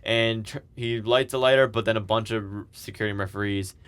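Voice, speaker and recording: A man's voice: fairly low pitch, fairly even intonation, quick pace, fairly bright tone, clean tone. A man co-hosting a podcast, casually recapping events with lots of fillers and restarts. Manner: rambling, filler-heavy recapping with laughs. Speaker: podcast co-host.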